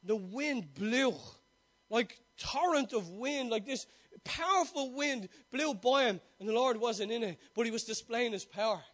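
High-voiced male preacher. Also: expressive, unhurried, fairly bright tone. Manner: rhetorical questions, repeated call-and-answer, stumbling restarts. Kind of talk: sermon.

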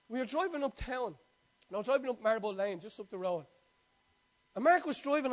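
A man preaching a sermon, telling a personal story in a conversational way and quoting scripture. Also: extremely high pitch.

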